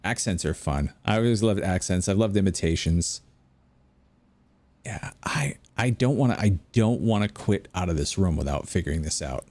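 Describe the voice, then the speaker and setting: A man's voice: sits low, animated, normal speed, darkish tone, no echo. A man, rambling and chatting with viewers during casual gameplay commentary at home late at night. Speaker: gaming video creator.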